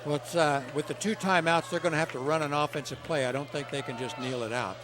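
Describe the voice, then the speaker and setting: A man giving folksy, analytical color commentary for a high school football game from a stadium booth. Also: steady tone, fast.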